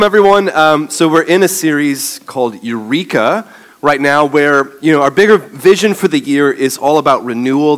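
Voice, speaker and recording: A male pastor preaching a sermon in a conversational way, with frequent ums and uhs. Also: mid-range voice.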